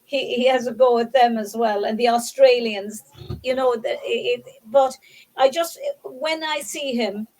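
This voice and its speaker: A woman's voice: on the high side, steady tone, a little slow, darkish tone, low-quality recording. A woman chatting eagerly as a panelist on a talk show. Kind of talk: casual panel chat.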